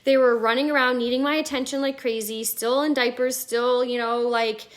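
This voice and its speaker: A woman telling her own story at home on a live video, chatty and animated, with a lot of "like". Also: fairly high pitch, normal speed. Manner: chatty, animated, many fillers like "like". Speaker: network marketing vlogger. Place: at home indoors, near a staircase. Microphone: live video call.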